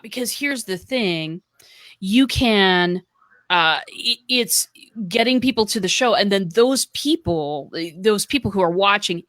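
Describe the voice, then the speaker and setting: A woman's voice: mid-range voice, a bit bright, no echo. An American woman co-hosting a live stream, giving earnest, practical advice with plenty of fillers. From United States. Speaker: co-host. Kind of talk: casual live-stream chat.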